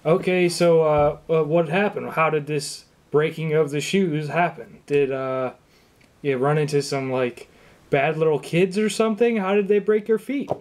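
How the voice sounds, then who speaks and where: A man's voice: a little high, moderate pace. Incredulous young man on a one-sided call. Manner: incredulous, deadpan, mock-supportive questioning. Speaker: shoemaker answering a customer's phone call. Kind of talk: improvised one-sided phone comedy.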